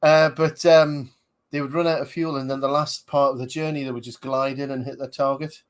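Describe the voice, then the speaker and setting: A man's voice: mid-range voice, little pitch movement, brisk. A man, rambling casually as a podcast host reviewing a film, with many fillers. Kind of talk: casual movie commentary.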